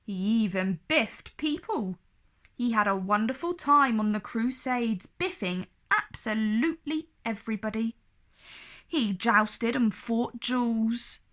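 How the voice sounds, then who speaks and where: A woman reading a children's picture book aloud in an expressive, animated storybook manner. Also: fairly high pitch, takes it slowly.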